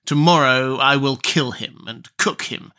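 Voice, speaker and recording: A man voicing a wicked old witch in a storybook reading, with slow, sly, drawn-out speech. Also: medium pitch, bright, forceful tone, clear, resonant tone. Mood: harsh commanding. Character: wicked old female witch, cruel and mocking.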